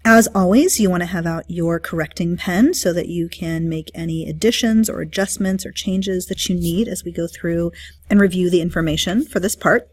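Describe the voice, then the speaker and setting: A woman with a fairly low voice explains vocabulary terms to students in a steady teaching manner. She pauses often with fillers as she works through each point. The recording is dry and close. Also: no echo. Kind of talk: classroom study guide review.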